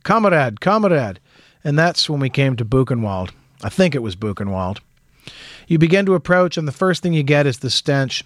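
A man reading a first-person wartime memoir aloud in a measured, matter-of-fact storytelling manner. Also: mid-range voice, animated, no room sound, clean studio sound.

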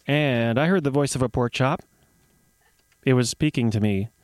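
A man's voice: mid-range voice, moderate pace, faint music behind. A man presenting a radio show from a studio, chatty and wry, with joking asides between records. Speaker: radio host. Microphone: studio microphone.

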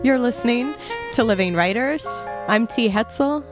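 A woman hosting a radio interview in a studio, halting and restarting her questions. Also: a little high, lively intonation, over music. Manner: hesitant, many fillers and restarts. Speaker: radio show host.

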